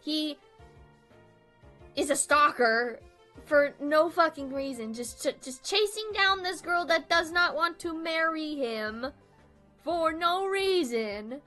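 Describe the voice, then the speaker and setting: A woman's voice: high-pitched, slow, bright, forceful tone, soft background music. Exasperated young woman ranting about a film. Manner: exasperated, swears often, laughs while ranting. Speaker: video creator. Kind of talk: casual chat, movie rant.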